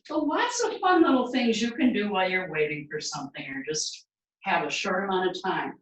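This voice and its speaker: Woman fitness instructor, mid pitch, unhurried rep counting and cues, distant mic in a big echoing room. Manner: counts reps aloud and gives steady encouraging cues. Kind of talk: guided home workout instruction. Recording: very echoey room, mic far away.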